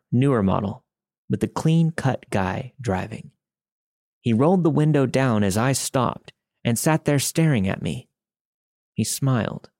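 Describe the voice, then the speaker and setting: A man narrating a first-person horror story in a steady, wry manner, recorded on a studio microphone. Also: medium pitch, dry recording.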